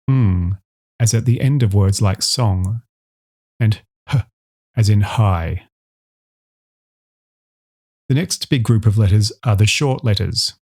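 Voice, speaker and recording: Man, lowish voice, scripted lesson narration, careful slow enunciation of sounds. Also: a little mellow. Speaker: instructor.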